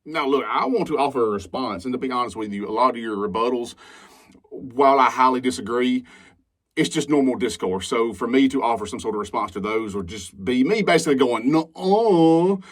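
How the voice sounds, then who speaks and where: A man's voice: medium pitch, brisk, a bit bright, slightly rough. A man with a Southern accent giving a sarcastic, heated response video commentary. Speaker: YouTube commentator.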